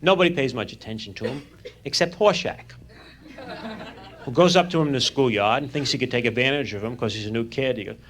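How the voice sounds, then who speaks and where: A man telling fast stand-up stories about his school days, on a crackly vinyl record. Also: medium pitch, a bit bright. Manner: fast anecdotal delivery. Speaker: stand-up comedian. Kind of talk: stand-up storytelling.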